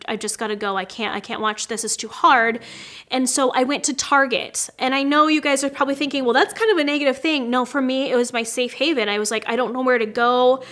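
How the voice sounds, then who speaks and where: A woman's voice: a little high, fairly bright tone. Chatty heartfelt woman in her thirties. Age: 30s. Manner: heartfelt, chatty, addresses viewers as "you guys". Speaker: beauty vlogger and brand owner. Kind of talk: casual personal update to viewers.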